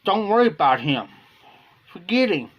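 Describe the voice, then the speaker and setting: A man with an Ohio accent spins a long, rambling workday story in a folksy, unpolished way. His voice sits a little higher than most men's. He slips into quoted back-and-forth as he goes. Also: big pitch swings, moderate pace, muffled recording. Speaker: live streamer. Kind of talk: casual storytelling. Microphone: phone or webcam on a live stream.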